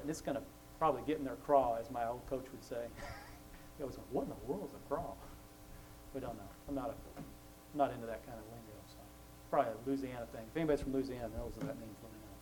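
A man's voice: medium pitch, a little hiss or hum, rough recording. A man sharing faith thoughts in a casual, chatty way, laughing often between points. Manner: chatty storytelling, laughs often, acts out quoted voices.

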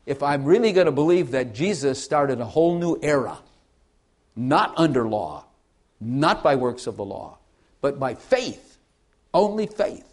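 A man's voice: medium pitch, darkish tone. Earnest male preacher, conversational sermon. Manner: earnest, conversational preaching with rhetorical questions to listeners; repeats and restarts phrases, varies volume widely.

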